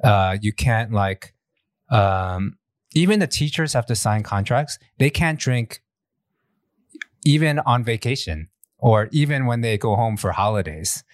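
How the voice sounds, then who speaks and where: A man's voice: fairly low pitch, lively intonation, measured pace, no echo, studio quality. A man in his forties, co-hosting a podcast, telling candid, self-deprecating stories in casual chat. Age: 40s. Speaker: podcast co-host.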